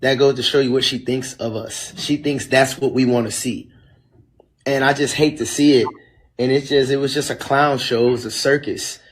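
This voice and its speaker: A man's voice: medium pitch, steady tone, moderate pace, husky, poor audio. A man talking casually and dismissively in a commentary clip.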